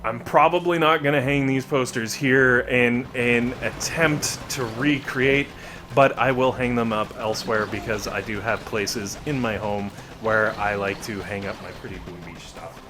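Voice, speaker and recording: Guy doing chill game commentary, mid pitch, wanders off into jokes. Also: measured pace, pushed and bright, a little hiss or hum. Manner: rambling, joking asides. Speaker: gaming video creator. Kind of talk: casual gameplay commentary.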